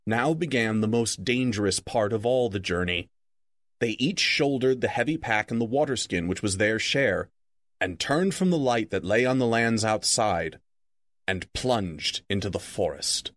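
A man reading a novel aloud as a radio story reader, in an even, measured storytelling manner. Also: lowish voice, no echo, studio quality.

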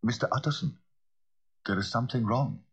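Man reading as frightened aging butler, pleading, higher voice, husky, muffled recording. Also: fairly quick, close to an everyday voice. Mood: worried. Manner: fearful, pleading. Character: anxious old male butler.

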